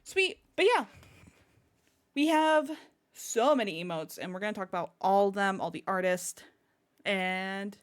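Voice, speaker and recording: A woman's voice: mid-range voice, lively intonation, measured pace, pauses often. A woman streamer chatting casually to her viewers, bubbly and rambling, often breaking into giggles. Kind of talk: casual live-stream chat.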